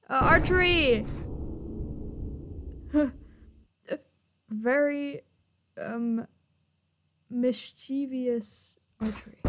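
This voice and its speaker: Young woman playing a horror game on stream, slow easy talk, lots of hiss behind her. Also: high voice. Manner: jumpy and swearing, joking to chat. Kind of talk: horror game let's play commentary.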